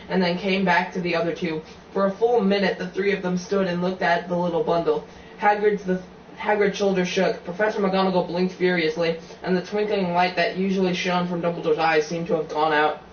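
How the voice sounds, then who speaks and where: A man's voice: sits high, reverberant, far from the mic, lo-fi sound, a little hiss or hum. A man reading a novel aloud, stumbling and restarting lines often. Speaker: reader.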